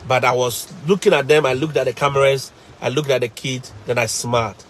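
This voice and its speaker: A man with a Ghanaian English accent, a teacher, casually telling stories to live viewers in an animated, emphatic way, repeating phrases for effect. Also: medium pitch, brisk, a little hiss or hum.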